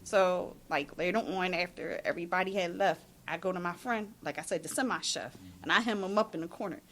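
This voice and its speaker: A woman co-host telling an animated, profane story on a radio talk show. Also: on the low side, brisk, slight background noise. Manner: animated, profane, acts out dialogue.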